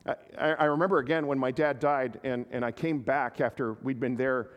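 A man preaching a sermon as a pastor, earnest and halting, often repeating his words as he goes. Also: mid-range voice, fairly even intonation, in a large hall, highs cut off. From Canada.

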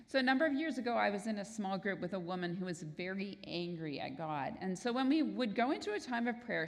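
A woman's voice: mid-range voice, gravelly. Woman preaching in a reverberant hall. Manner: earnest, explanatory, acts out quoted prayers. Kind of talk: sermon.

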